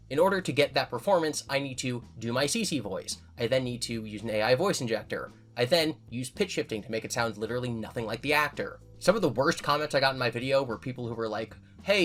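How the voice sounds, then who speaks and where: A man in casual commentary who thinks out loud and corrects himself as he goes. His pitch is mid-range. Faint music plays behind him. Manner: candid, self-correcting, talks things through. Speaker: YouTuber answering viewer comments.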